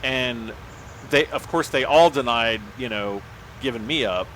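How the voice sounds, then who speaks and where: A man's voice: mid-range voice, a little slow, fairly bright tone, a little hiss or hum. A man on a livestream telling a long personal story in a casual, rambling way, full of restarts and "like".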